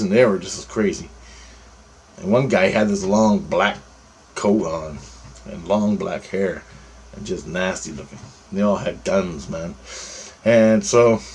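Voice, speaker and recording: A man's voice: lowish voice, a little mellow, husky. A man telling a story about a dream in a rambling, profane, casual way. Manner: rambling, profane, restarts phrases.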